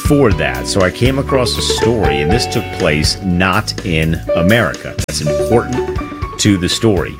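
A young man co-hosting a casual chat, telling stories with jokes and deadpan asides. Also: low voice, moderate pace, over loud music. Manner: joking storyteller, deadpan asides.

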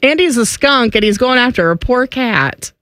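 A woman co-hosting a radio show, reacting quickly and laughing easily. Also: on the high side, expressive, fairly bright tone, no echo, clean studio sound. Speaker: radio co-host. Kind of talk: casual radio banter.

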